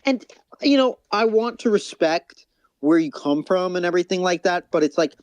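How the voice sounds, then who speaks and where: A young man chatting on a podcast in a teasing, animated way. His pitch is slightly high and swings widely. The sound is dry and close. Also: normal speed, no room sound. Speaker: podcast co-host. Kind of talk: casual podcast chat.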